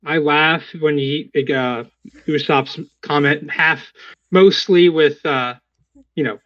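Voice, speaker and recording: A man's voice: a little high, slow pace. A man playing in a tabletop game, chatty and rambling, often interrupting himself. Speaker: player. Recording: dry, dull lo-fi sound.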